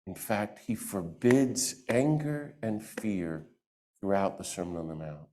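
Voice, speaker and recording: A man giving a lively talk to a church audience into a microphone, acting out the voices he quotes. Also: on the low side, unhurried, a little hiss or hum. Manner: animated, acts out quoted voices. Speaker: guest speaker.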